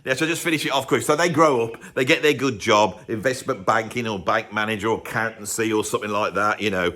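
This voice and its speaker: A man's voice: fairly low pitch, fast, sharp tone. A man from the UK hosting a music video, rambling sarcastically in a comic monologue to camera. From United Kingdom. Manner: sarcastic, rambling, self-interrupting.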